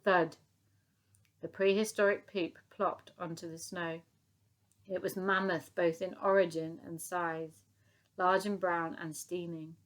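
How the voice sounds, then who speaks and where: A woman's voice: on the low side, slow. Woman narrating a children's audiobook. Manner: lively, expressive storytelling.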